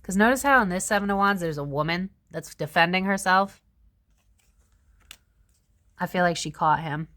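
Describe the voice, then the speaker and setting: A woman's voice: fairly low pitch, normal speed, long pauses, no echo. Chatty, cursing young woman tarot reader. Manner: chatty, swears freely, animated. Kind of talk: casual tarot reading to camera.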